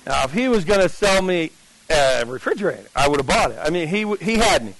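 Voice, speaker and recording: A man with a high voice tells a personal testimony to a live audience, chatting loosely with fillers and restarts. He acts out each exchange, jumping up and down in pitch as the story builds. The sound is dry and close. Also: quick pace, no echo, rough recording. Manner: animated, acts out dialogue with pitch swings. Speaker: speaker giving a testimony to an audience.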